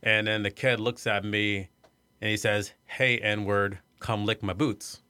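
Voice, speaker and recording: A middle-aged man from Iowa telling a personal story in an interview, soft-spoken and hesitant, with many fillers and restarts. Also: lowish voice, flat delivery, measured pace, smooth, no echo. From Iowa, USA. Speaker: arts center executive director.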